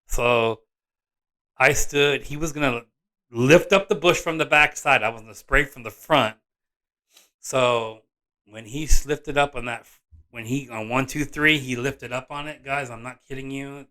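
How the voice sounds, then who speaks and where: A man, a father and vlog host, telling a personal story in an animated, rambling way, often restarting and correcting himself. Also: mid-range voice, unhurried. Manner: excitable, rambling, frequent restarts and self-corrections.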